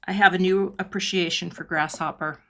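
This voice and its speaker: A middle-aged woman teaching cardmaking in a live online demo, chatting and laughing often, her voice dropping low when she concentrates. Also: fairly even intonation, brisk, fairly bright tone. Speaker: cardmaking instructor. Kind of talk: live online craft demonstration.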